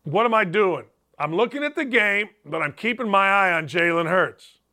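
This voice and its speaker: A man hosting a sports talk show, arguing his case in an emphatic monologue. His voice sits high and bright. His pitch swings widely as he presses each point. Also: animated, moderate pace. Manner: emphatic, argumentative, mock-quotes critics in a higher voice. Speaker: sports radio host.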